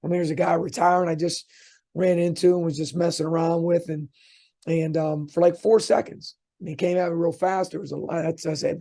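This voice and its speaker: Middle-aged male coach guest, chatty storyteller, pitched a bit high with a mellow tone. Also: a little fast. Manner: chatty, restarts often, lively anecdotes. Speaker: college basketball coach. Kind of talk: interview guest, rambling storytelling.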